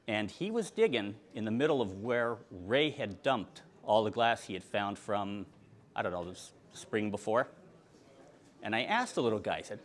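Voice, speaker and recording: An older man from Pennsylvania telling a collecting story in a presentation, acting out the people he met in conversation. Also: medium pitch. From Pennsylvania, USA. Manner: animated storyteller acting out dialogue. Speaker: insulator collector giving a presentation. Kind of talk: storytelling talk with slides.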